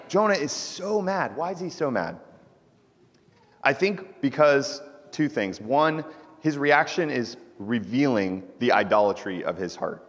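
A man preaching a sermon as pastor, in an informal, conversational way that often checks in with listeners. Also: medium pitch. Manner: conversational preaching with frequent "right?" asides. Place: church sanctuary. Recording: church hall reverb.

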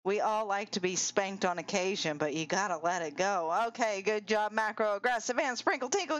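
A woman streamer giving excitable, giggly live commentary on a game race and cheering the players on. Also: mid-range voice, a little fast, few pauses, no echo, soft background music.

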